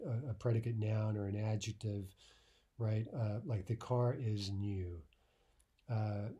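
A male teacher talks through a recorded language lesson in a mellow, slightly husky voice. He explains patiently, with "uh" and "right?" between points. In the drills he lets out mock-dramatic sighs. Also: lowish voice.

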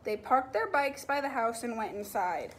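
A kindergarten teacher, a woman, reading a picture book aloud to young children, with expressive storytelling and animal sounds. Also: fairly high pitch, normal speed, slight background noise.

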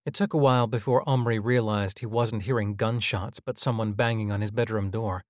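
A man narrating a scripted audio drama in an even, measured storytelling manner. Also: fairly low pitch, no echo, clean studio sound.

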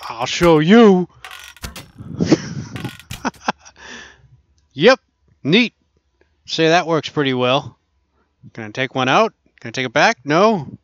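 A man's voice: medium pitch, fairly bright tone, no room sound, muffled recording. A man casually commenting while he plays a VR archery game, chatting and laughing to himself as he goes. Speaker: gaming channel host.

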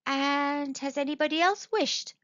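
A woman doing a curious older wife, high-pitched. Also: measured pace, fairly bright tone, dry recording. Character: curious older wife and mother, lightly mocking. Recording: dull dry recording.

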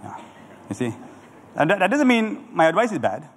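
A middle-aged man preaching a sermon as a pastor, animated and calling on the congregation to answer back. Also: high-pitched, normal speed, husky. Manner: animated preaching with audience call-and-response. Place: church hall. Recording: church hall with long reverb.

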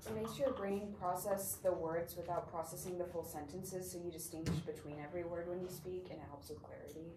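Low, mellow woman student, distant in a roomy classroom. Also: steady tone, fairly quick. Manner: quiet, explanatory answer.

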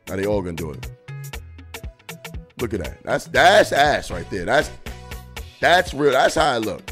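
A man's voice: medium pitch, very animated, unhurried, fairly bright tone, faint music behind. A man hosting a podcast, giving blunt, profane comedic commentary as he reacts to videos. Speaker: podcast host.

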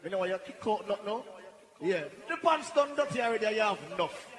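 A man, hyping a live dancehall session as selector, shouting commands to the dancers and laughing between calls. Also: sits high, animated, quick pace. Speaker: sound system selector and MC. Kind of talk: live dancehall hype over music. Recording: echoey live sound over loud music.

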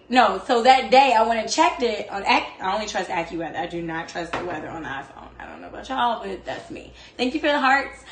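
Lady chatting away while she cooks, expressive, says like a lot, roomy kitchen sound. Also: on the high side, a little hiss or hum. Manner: chatty and expressive, fond of the word "like". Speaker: cooking show host. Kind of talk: casual chat while cooking. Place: home kitchen.

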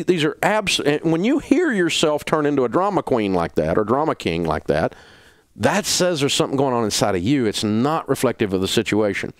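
A Southern-accented radio host ranting with blunt, preachy conviction. His pitch jumps around a lot, and his voice sits dry and close to the studio mic. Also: no echo. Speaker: radio talk show host. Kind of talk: passionate on-air advice rant.

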